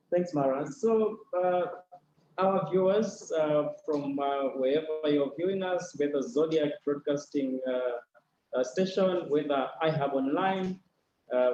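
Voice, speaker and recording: A man moderating a livestreamed panel discussion, talking haltingly with many fillers and restarts. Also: on the high side, warm tone. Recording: roomy, dull, slightly noisy livestream audio.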